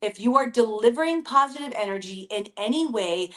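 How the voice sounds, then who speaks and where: An upbeat woman in her thirties with a fairly high voice talks casually to her listeners, calling them "you guys." She speaks from her home basement in a chatty, encouraging way. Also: animated, a little fast, a bit bright. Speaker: podcast host. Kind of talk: casual motivational talk.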